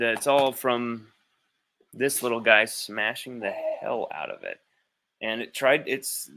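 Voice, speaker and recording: With his child nearby at home, a sports podcast host livestreams in a casual, rambling, blunt manner, cursing freely. His voice is mid-range, pushed and bright, and there's a little hiss or hum in the recording.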